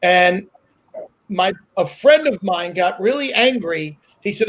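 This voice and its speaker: A man's voice: high-pitched, measured pace. A male comedian telling a long, rambling comic story over a video call, repeating himself and laughing at his own jokes. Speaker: comedian guest.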